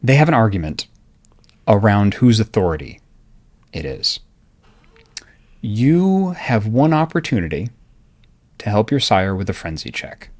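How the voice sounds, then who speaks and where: Animated man running a game. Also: on the low side, a little slow, pauses often. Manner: animated, laughing, loose narration. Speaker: game master. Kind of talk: narrating a tabletop role-playing game.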